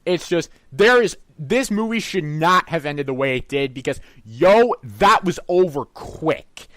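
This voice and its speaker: A man's voice: a little high, expressive, unhurried, a bit bright, no room sound. A man co-hosting a movie review chat, bluntly and emphatically repeating his complaints. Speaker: co-host of a movie review show.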